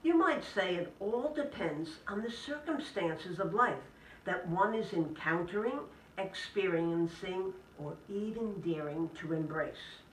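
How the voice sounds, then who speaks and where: A woman, a Catholic sister, giving an inspirational talk to a live audience in gentle, measured phrases. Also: lowish voice, expressive, a little hiss or hum. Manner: gentle, measured delivery in short list-like phrases. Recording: echoey room, speaker distant from the mic.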